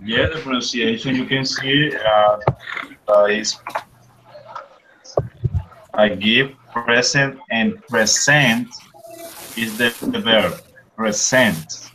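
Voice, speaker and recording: Slow, bright-voiced male English teacher. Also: lowish voice, steady tone, rough recording. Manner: slow, repeats words to model pronunciation. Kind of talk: online class instruction. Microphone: computer mic on a video call. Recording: faint background noise on a call.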